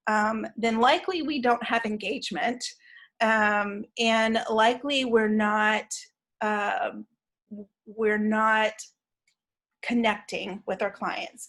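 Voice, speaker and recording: A woman's voice: mid-range voice, fairly bright tone. Woman giving an online training talk. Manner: measured, explanatory, with frequent fillers and restarts.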